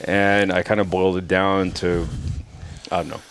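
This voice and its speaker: A man's voice: sits low, level tone, moderate pace, slight background noise. A man hosting a podcast, telling stories in a crude, joking way full of swearing. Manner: crude, joking, profane storyteller. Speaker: podcast host. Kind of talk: casual podcast chat.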